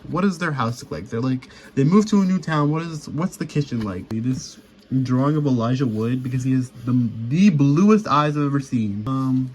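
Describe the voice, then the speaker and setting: A young man rambling casually through a sketchbook tour voice-over, full of fillers and restarts. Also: on the high side. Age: young adult. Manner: rambling, filler-heavy, chatty. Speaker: vlogger.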